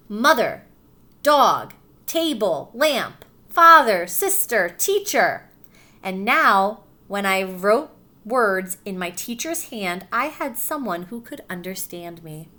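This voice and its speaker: A female teacher reads a picture book aloud to kids at a medium pitch, stopping gently now and then to ask questions and slowly spelling out letters.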